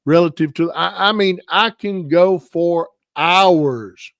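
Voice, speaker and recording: A man's voice: high voice, slow, a bit bright, dry recording, studio quality. A man co-hosting a Bible study, talking enthusiastically and rambling with restarts. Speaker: co-host of a Bible study show.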